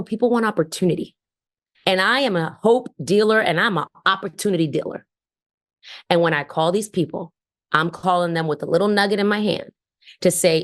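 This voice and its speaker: A woman on a video call telling energetic recruiting stories and acting out her phone calls with colleagues. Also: lowish voice. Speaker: team leader sharing recruiting tips.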